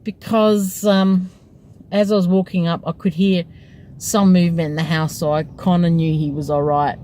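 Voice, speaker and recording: A woman's voice: fairly low pitch, little pitch movement, normal speed, mellow, slight background noise, low-quality recording. A woman, a taxi driver, telling a story from her night in a casual, chatty way and breaking into laughter often.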